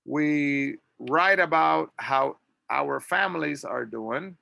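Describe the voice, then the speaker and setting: A man teaching an English grammar lesson, reading model sentences slowly and clearly for students to repeat. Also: a little high, sharp tone, no echo. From Latin America. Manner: slow, drawn-out model sentences.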